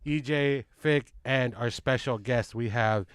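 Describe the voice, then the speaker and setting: A man's voice: mid-range voice, unhurried, clean tone, no echo, studio quality. A man hosting a casual podcast, joking around and swearing in loose banter. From United States. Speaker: podcast host.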